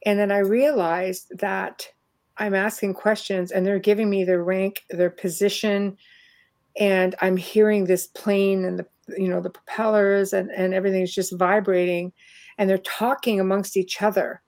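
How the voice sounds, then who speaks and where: A woman's voice: medium pitch, little pitch movement, normal speed, darkish tone. A middle-aged Canadian woman hosting a casual chat over a video call, talking freely and laughing often. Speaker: host.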